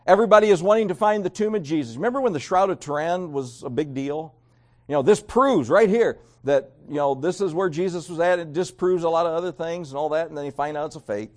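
A man preaching a sermon, reading King James scripture and swinging between raised emphasis and quiet, low endings. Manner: reads scripture aloud in King James wording. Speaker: pastor.

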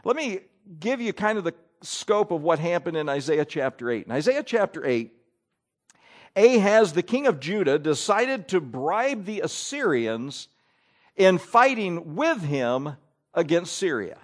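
A man delivers a sermon in a lively, swooping voice that sits a little high for a man. He preaches with animated emphasis, rising and dropping as he reads and explains scripture. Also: measured pace. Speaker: pastor.

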